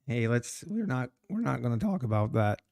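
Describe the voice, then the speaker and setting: Casual male trading streamer, mid pitch, rambly, laughs easily while reading chat. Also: sing-song, moderate pace, creaky, darkish tone. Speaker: live-streaming day trader.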